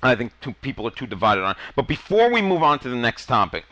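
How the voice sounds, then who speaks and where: Eager guy co-hosting a tv chat, bright punchy voice, dry close sound, keeps stumbling and swearing. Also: medium pitch, very animated, fast, no room sound. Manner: enthusiastic, swears, stumbles and restarts. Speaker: podcast co-host. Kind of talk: casual chat about TV and movies.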